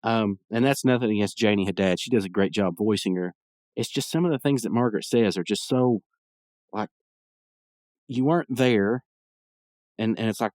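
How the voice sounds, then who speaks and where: Low-voiced man rambling through a cartoon recap. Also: moderate pace, long pauses, darkish tone, no echo, studio quality. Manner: rambling and digressive, many fillers; opinionated asides. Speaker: podcast host. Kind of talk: casual episode recap.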